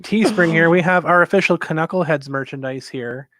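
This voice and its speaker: A man co-hosting a casual chat show, giving a laid-back, upbeat pitch for the show's merchandise. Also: normal speed, fairly bright tone, a little hiss or hum. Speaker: podcast co-host.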